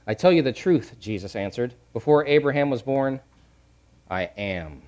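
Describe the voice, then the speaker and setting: A middle-aged male pastor preaching a sermon, repeating key phrases and swinging from hushed to loud. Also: medium pitch, animated, moderate pace.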